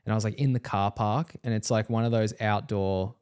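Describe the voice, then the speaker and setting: A man's voice: on the low side, fairly quick, clear, resonant tone. A young man with an Australian accent, telling stories in a casual podcast chat, swearing freely and peppering his speech with "like". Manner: animated, swears a lot, lots of "like". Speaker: podcast co-host.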